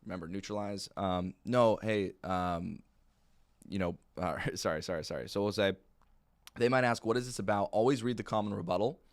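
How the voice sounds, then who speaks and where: A man's voice: fairly low pitch, normal speed. A young man teaching sales calls in a casual, plain-spoken way, with lots of fillers. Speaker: insurance sales trainer. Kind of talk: casual training talk.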